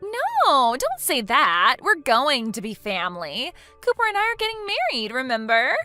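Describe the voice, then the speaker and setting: A woman's voice: sits high, huge pitch swings, normal speed, sharp tone, no room sound, faint music behind, heavily acted. A synthetic woman's voice playing an entitled young woman who talks in an indignant, self-pitying way.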